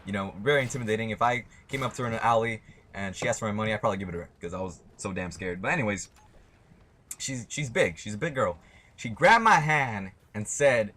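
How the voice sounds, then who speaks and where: Low-voiced young man, rambling and profane. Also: lively intonation, quick pace, pushed and bright, slight background noise. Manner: rambling, swears a lot, blunt. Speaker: vlogger. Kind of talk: casual storytelling to camera.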